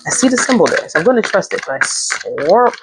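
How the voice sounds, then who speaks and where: A woman's voice: medium pitch, big pitch swings, a little fast, very noisy. A woman giving a casual tarot reading, chatty and rambling, who swears freely. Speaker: tarot reader.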